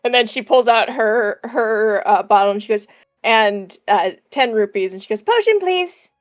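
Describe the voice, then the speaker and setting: A woman's voice: medium pitch, flat delivery, moderate pace, clean tone, soft background music. A woman player describing her character's actions in a hesitant, stop-start way. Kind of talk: casual tabletop game narration.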